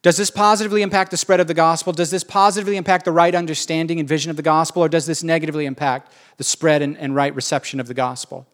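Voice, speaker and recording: A male pastor preaching a sermon in an animated, conversational way with emphatic questions. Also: a little high, racing, few pauses.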